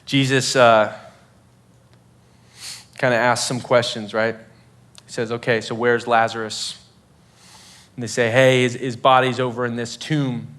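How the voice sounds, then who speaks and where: A man's voice: medium pitch, little pitch movement, measured pace, pauses often, a bit bright. A man preaching a sermon to students in a casual, conversational way, full of fillers and acted-out quotes. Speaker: youth pastor.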